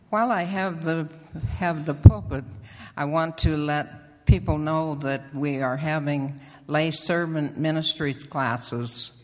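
A lay member of a church speaks from the pulpit, giving a halting testimony and announcements full of fillers and restarts. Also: medium pitch. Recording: long reverb of a church hall.

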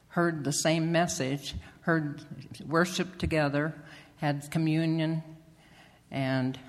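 A lay member of a church speaks from the pulpit, giving a halting testimony and announcements full of fillers and restarts. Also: mid-range voice. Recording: long reverb of a church hall.

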